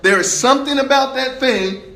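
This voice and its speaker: A man preaching a sermon in a church, speaking with rising emphasis and pauses. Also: very high-pitched, bright, forceful tone, reverberant, low-quality recording.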